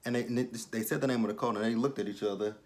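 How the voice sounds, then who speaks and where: A young man talks through a TV episode at home in a loose, unscripted recap. He swears freely and slips into the characters' lines as he goes. His voice sits at an ordinary middle pitch for a man. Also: very fast. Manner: animated, profane, acts out the characters' lines. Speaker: TV episode reviewer. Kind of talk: casual recap and commentary.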